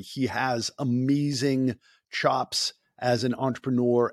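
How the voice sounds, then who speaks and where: A man's voice: mid-range voice, dry recording. An upbeat man hosts a podcast interview. He introduces his guest with a showman's flair. His voice is recorded dry, with no room sound around it. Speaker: podcast host.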